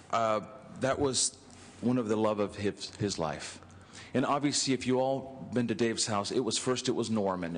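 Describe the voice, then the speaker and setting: A man, a state senator, giving an anecdotal tribute speech on the floor and acting out the dialogue of his stories with chuckles. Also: mid-range voice. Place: legislative chamber. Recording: chamber with long reverb, faint ambience.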